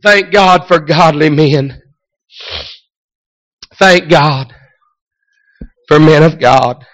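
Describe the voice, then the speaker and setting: A male preacher giving an impassioned sermon, telling stories with frequent amens and hallelujahs, swinging between hushed narration and shouted cries. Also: on the high side, extremely slow.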